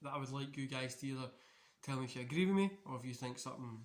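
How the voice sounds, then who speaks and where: A man's voice: mid-range voice, rapid-fire. Rambling man, echoey room. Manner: loose, rambling chat. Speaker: wrestling channel host. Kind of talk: casual watch-along commentary.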